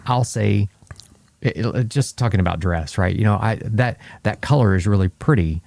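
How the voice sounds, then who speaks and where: Slow, gravelly, earnest man. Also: on the low side, darkish tone, dry recording. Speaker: married guest. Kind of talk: casual podcast chat.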